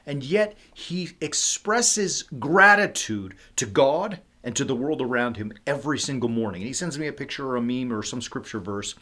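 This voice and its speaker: Male ministry leader, mid-pitched voice, casual devotional livestream, animated chatty delivery with big swings between loud and soft. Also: normal speed, few pauses. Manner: animated and conversational, with many fillers like "like" and "you know".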